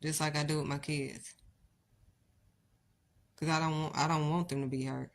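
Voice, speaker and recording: Blunt, low-voiced woman preaching. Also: little pitch movement, normal speed. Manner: blunt, exhortative, rhetorical questions. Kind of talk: impassioned live-stream sermon.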